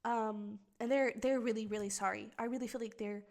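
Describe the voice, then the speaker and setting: A woman's voice: on the high side, steady tone, a little fast, a little mellow. A woman giving a pick-a-card tarot reading. She speaks earnestly and with feeling, straight to the viewer, and thinks aloud as she reads the cards. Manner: earnest and emotionally invested, speaks directly to the viewer. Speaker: tarot reader.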